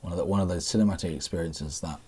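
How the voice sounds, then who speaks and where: A man with a croaky, smoker-like voice, chatting casually about films on a podcast. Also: sits low, warm tone, a little hiss or hum. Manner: quick interjections, finishes the other's sentences.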